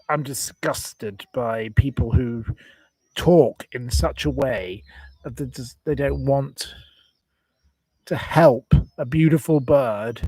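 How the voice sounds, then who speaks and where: A man's voice: fairly high pitch, no echo. A man hosting a rambling, indignant livestream chat about animals, breaking off to apologize for his rants. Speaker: channel host.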